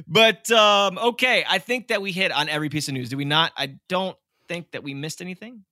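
Bright-voiced animated man hosting podcast. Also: high voice, normal speed, dry recording, clean studio sound. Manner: animated, opinionated, laughs often. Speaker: podcast host. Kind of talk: casual sports podcast chat.

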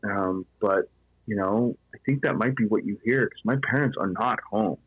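A man with a husky, low voice tells a story in a loose, chatty way, peppered with "you know." The sound is flat and dull, like a lo-fi recording in a dead, dry space. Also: moderate pace, no room sound. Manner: conversational, fillers like "you know". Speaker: podcast guest telling a ghost story. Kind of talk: casual storytelling.

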